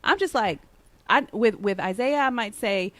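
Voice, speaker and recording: A woman in her thirties hosting a casual radio talk show, animated and playful, often slipping into mock scolding with laughter. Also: mid-range voice, moderate pace, dry recording. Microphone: studio mic.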